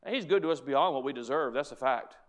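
A pastor preaches to his congregation, reading scripture in a measured way and then pressing his points with mounting fervor. His voice sits at an ordinary pitch for a man, with repeated phrases driving each appeal. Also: lively intonation. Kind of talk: sermon.

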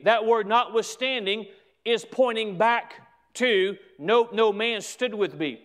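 Male preacher, high voice, slow deliberate sermon delivery, leans hard on key words. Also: fairly bright tone.

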